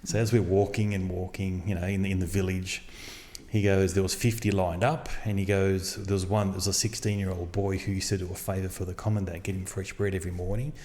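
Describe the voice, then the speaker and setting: A man hosting a podcast, telling a story in a casual, animated way and acting out the dialogue. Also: low-pitched, fast talker. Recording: long reverb.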